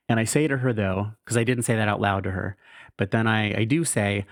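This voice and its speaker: A man's voice: on the low side, moderate pace, dry recording, studio quality. A man hosting a podcast, candidly reading his caregiving diary aloud in a wry, self-mocking way, swearing casually. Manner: frank and wry, swears casually, laughs at himself.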